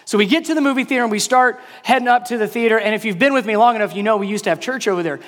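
A pastor in his thirties telling a family story as a sermon illustration, acting out his kids' voices in high shouts. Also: very fast. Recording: long hall reverb.

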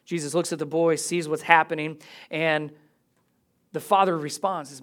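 A man delivers a sermon to his congregation. He reads a scripture passage aloud, then explains it in a relaxed, conversational way. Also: on the high side, moderate pace. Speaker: pastor.

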